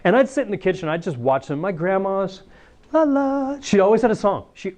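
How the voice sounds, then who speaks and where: A man, a priest, giving a lively talk to students, acting out little scenes and laughing as he goes. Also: high-pitched, fast. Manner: animated, acts out voices, laughs often.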